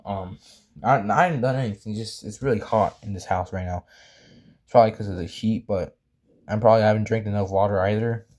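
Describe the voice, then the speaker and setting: A young man talks through a drawing tutorial in a relaxed, meandering way, with lots of ums and self-corrections. His voice sits a little low, with a warm, mellow tone. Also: brisk. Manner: rambling, apologetic, many fillers and restarts. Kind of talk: casual drawing tutorial chat.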